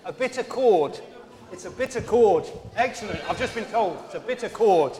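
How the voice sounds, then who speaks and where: Guy doing a kids talk in church, high voice that jumps all over, big echoey hall with long reverb. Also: moderate pace. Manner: animated, chatty, coaxing the children. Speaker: preacher leading a children's talk. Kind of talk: playful all-age church talk with props. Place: large church.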